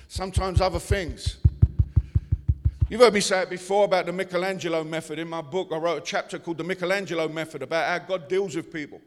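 Preacher, man, high and bright voice, shouting sermon, long hall reverb. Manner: preaching, rising to shouts, asks the congregation questions. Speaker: pastor.

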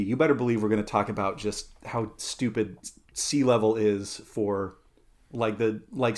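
Rambling, playful male podcast host. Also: medium pitch. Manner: rambling, full of fillers and self-corrections; playful, goes off on tangents. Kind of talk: casual podcast chat.

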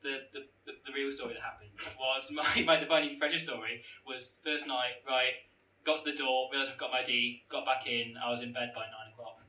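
A man's voice: mid-range voice, steady tone, fairly quick, bright, forceful tone, reverberant, far from the mic, poor audio. A young man telling a rambling, self-mocking comic story to friends on a podcast. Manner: rambling, self-mocking, stumbling over words for comic effect. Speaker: podcast co-host. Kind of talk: comedic storytelling among friends.

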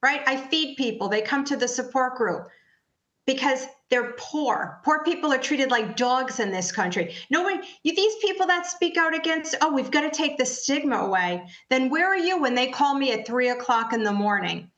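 A woman argues her case in an interview, combative and emphatic, firing rhetorical questions one after another. Her voice is bright and a little high. The room around her rings with echo. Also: animated, normal speed, highs cut off. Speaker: patient advocate guest. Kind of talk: heated interview talk.

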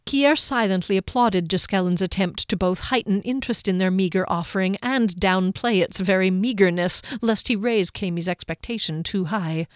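A woman reading a fantasy novel aloud in a measured storytelling voice. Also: medium pitch, smooth, dry recording, clean studio sound. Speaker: audiobook narrator. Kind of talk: scripted fantasy narration.

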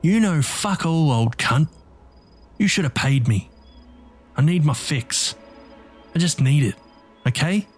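A crude, desperate addict snarls his words at a raised pitch, as a man narrating a dark story puts him on. He sounds jeering and aggressive, with faint music playing behind. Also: lively intonation, slow, pauses often, breathy edge, exaggerated voice. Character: strung-out young male addict thief, aggressive, jeering.

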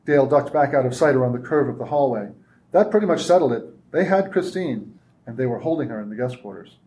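At a convention reading, a male author reads his own fiction aloud in a medium-pitched voice, narrating steadily and with measured pacing.

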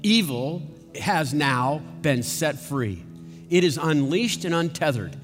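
A man preaching a sermon slowly and dramatically, building to intense questions. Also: fairly high pitch, lively intonation, long reverb tail, over music.

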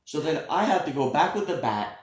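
A man in a casual joking chat, telling a rambling, deadpan tale full of swearing. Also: fairly high pitch, a little fast, dull audio, noisy background. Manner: rambling, deadpan storytelling with profanity. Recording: echoey room.

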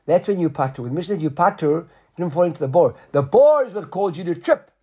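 A man's voice: fairly high pitch, expressive, fast, dark tone, slightly rough. A man teaching a Talmud class, explaining step by step and checking in with his listeners.

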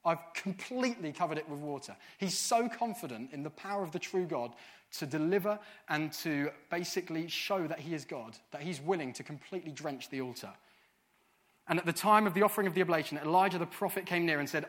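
A man's voice: a little high, fairly quick, a bit bright. A male preacher reading scripture aloud, then explaining it in plain, casual words and acting out the quotes with big swings in volume.

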